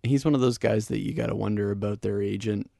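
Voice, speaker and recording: A man with a low, gravelly voice talks in an easygoing, laid-back way, often breaking into a laugh. The sound is close and dry, with no room echo. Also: steady tone, fast, mellow. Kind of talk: casual chat.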